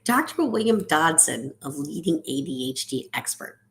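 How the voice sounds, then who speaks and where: A middle-aged woman, an ADHD coach, giving a reflective podcast monologue with a sing-song delivery that lifts high and drops to a near whisper. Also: sing-song, moderate pace, a bit bright.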